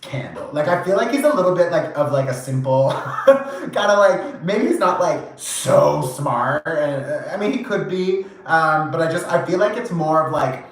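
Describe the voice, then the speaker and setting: A man giving a casual tarot reading, chatty and animated, with lots of fillers and swearing. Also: a little high, normal speed, heavy reverb. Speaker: tarot reader.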